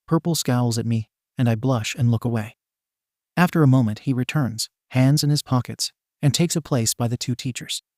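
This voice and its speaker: A man narrating a fan fiction story aloud in a steady reading voice. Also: mid-range voice, no room sound, clean studio sound.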